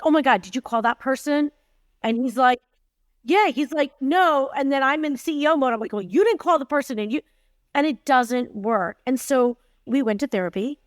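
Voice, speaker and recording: A woman in her forties who heads a tech company speaks emphatically as a podcast guest, acting out the dialogue in her candid stories. Her pitch is fairly high. The audio is clean studio sound with no echo.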